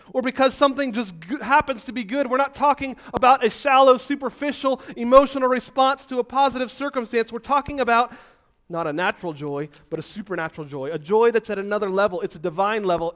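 A man preaching an energetic, animated sermon, so physically active that he sounds out of breath at times. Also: high voice.

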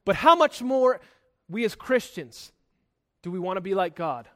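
Man, high voice, preaching a sermon, emphatic, loud then soft, repeats words. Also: expressive, unhurried. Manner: repeats words when starting sentences. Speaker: pastor.

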